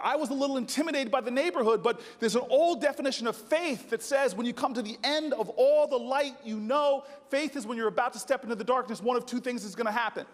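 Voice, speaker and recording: An American man in his forties giving an impassioned political speech at a podium, telling stories in a preacherly way that builds into soaring oratory. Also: very high voice. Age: 40s. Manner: preacherly storytelling with rising oratory. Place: large conference hall. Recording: long hall reverb.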